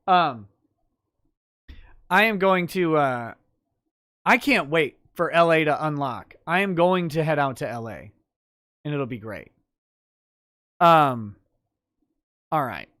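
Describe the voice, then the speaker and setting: A man's voice: a little high, animated, slow, pauses often, bright, forceful tone, no echo, studio quality. A man hosting a podcast, chatting casually and joking while reading out chat messages. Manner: joking, irreverent. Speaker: podcast host.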